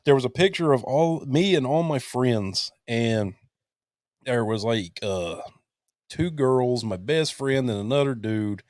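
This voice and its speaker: A man's voice: mid-range voice, lively intonation, a little slow, darkish tone, no room sound, studio quality. Jokey, self-mocking male podcast host. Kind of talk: casual interview chat.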